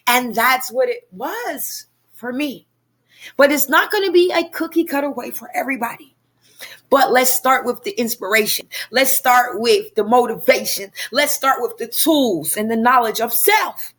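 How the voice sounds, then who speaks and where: A woman's voice: a little high, lively intonation, measured pace, pushed and bright. A woman directing a personal growth class, talking in an emphatic, repetitive, preacher-like way. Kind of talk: motivational personal talk.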